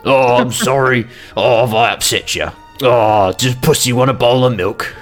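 A man doing a gruff, mocking frog officer. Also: mid-range voice, normal speed, soft background music, lightly acted. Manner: mocking, bossy.

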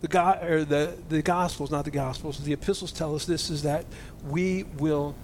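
High-voiced man preaching with fervor. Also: normal speed, slight background noise. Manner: animated, swings from loud exclamations to hushed near-whispers. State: choked up with emotion. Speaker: pastor. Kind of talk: sermon.

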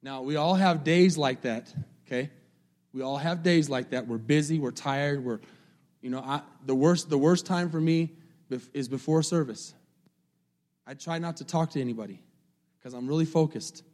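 Preacher with a higher-pitched voice. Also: male voice, darkish tone. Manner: preaching with rising, drawn-out emphasis on scripture; conversational asides with the congregation. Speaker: pastor. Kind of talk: sermon.

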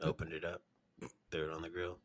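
A man co-hosting a podcast, recapping a cooking show in casual chat with a dry, deadpan sense of humor. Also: very deep voice, brisk. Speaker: podcast co-host.

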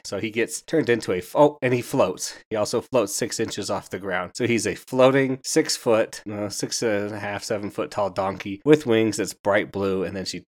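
Male podcast host, lowish voice, easygoing rambling book review. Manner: rambling and conversational, many fillers.

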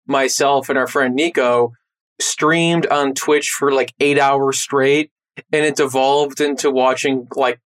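A man hosting a podcast, telling stories in a casual, animated way. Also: medium pitch, takes it slowly. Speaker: podcast host. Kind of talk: casual chat.

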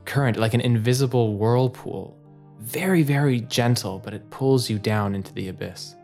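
A man's voice: medium pitch, normal speed, a little mellow, soft background music. A man narrating an improvised shared story, laughing often and rambling loosely.

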